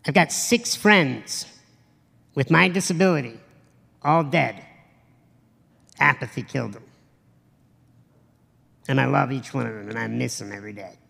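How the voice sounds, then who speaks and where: Motivational speaker on stage, blunt and profane, gravelly edge, long hall reverb. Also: medium pitch, a little slow, long pauses, fairly bright tone. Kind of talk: live motivational stage talk.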